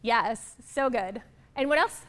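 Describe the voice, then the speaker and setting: Woman, workshop facilitator, fairly high voice, encouraging, affirming. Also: takes it slowly, a bit bright. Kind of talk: interactive workshop talk.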